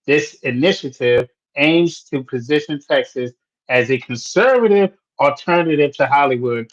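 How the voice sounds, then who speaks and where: A man from D.C. co-hosting a podcast, talking in a chatty, animated, casual way. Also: mid-range voice, moderate pace. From Washington, D.C. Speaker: podcast co-host. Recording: dull lo-fi audio.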